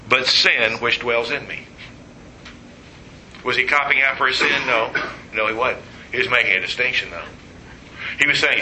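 A man preaching a sermon, telling stories with humor and quoting voices in an animated way. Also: medium pitch, reverberant, a little hiss or hum, poor audio.

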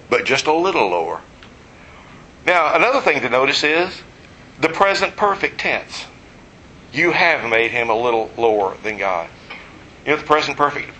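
A man's voice: fairly high pitch, pushed and bright, a little hiss or hum, poor audio. A man preaching a conversational teaching sermon, explaining verses and adding joking asides.

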